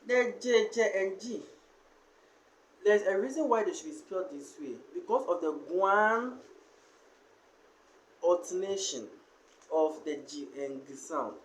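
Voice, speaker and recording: A man teaching a language lesson, slowly sounding out and repeating each syllable and word. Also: high-pitched, animated, slight background noise. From Ghana. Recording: echoey room.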